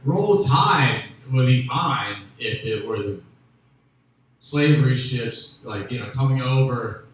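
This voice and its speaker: Rambling stand-up comic in an echoey room. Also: male voice, medium pitch, lively intonation, slow. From Memphis, USA. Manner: rambling, self-interrupting, loud bursts on punchlines. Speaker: stand-up comedian. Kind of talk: stand-up comedy set. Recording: echoey room with faint ambient noise.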